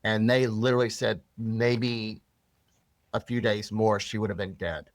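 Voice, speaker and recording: A man's voice: on the low side, steady tone, measured pace, no echo. A man being interviewed, earnestly telling a personal story with many restarts and rambling asides. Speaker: interview guest.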